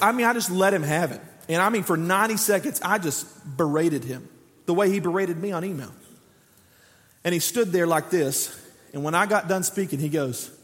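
A man around forty, a pastor preaching a sermon with lively storytelling, acting out the voices in his stories. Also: high voice, big-room sound. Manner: lively storytelling preacher who acts out quoted dialogue.

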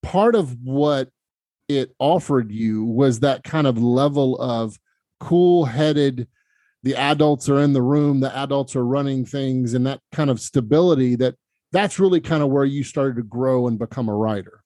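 A man hosts an interview podcast in a relaxed, conversational way, often thinking aloud with small fillers. His voice is mid-pitched, and the sound is dry and close. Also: unhurried, no echo. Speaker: podcast host.

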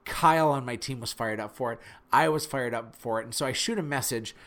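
Midwestern guy telling a story, earnest and lively, pokes fun at himself, normal pitch. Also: brisk. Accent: Midwestern American. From Fargo, North Dakota. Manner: animated, earnest, self-deprecating storyteller. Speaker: speaker telling a personal story. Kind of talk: personal storytelling talk.

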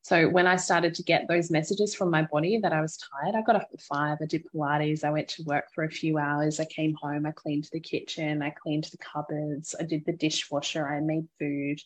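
A woman hosting a podcast, candidly recounting a hard parenting moment and offering gentle advice to listeners. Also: low-pitched, level tone, moderate pace, few pauses. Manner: open, reflective storytelling with frequent laughter. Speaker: podcast host and mother. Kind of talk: candid personal podcast talk.

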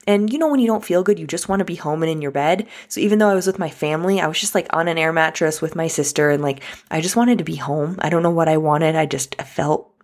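A woman talks straight to her viewers, telling a personal story in a loose, chatty way. Her voice sits low and has a gravelly fry. She restarts her sentences often and fills them with "like.". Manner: chatty, many likes and restarts, addresses viewers as guys and y'all. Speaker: vlogger.

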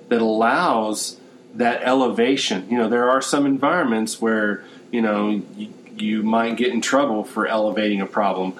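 A man's voice: medium pitch, slight background noise. A man hosting a business conversation, explaining points steadily and often saying "you know".

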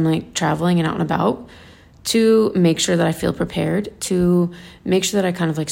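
A woman vlogs in a relaxed, chatty way, circling back on her words and padding with fillers. Her voice sits a little low and is heavily gravelly. The whole thing feels loose and unscripted. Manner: chatty, rambling, many fillers and restarts. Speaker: lifestyle vlogger. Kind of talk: casual vlog chat.

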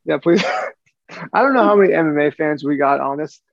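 Podcast co-host, male, gravelly and a bit high, rambling casual chat, dry dull recording. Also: moderate pace, no echo. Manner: rambling, repeats words while thinking.

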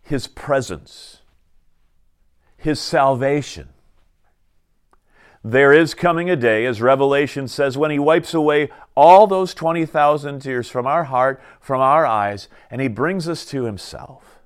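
A middle-aged man preaching a sermon, reflective and pausing to let his points sink in. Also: medium pitch, smooth. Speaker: pastor.

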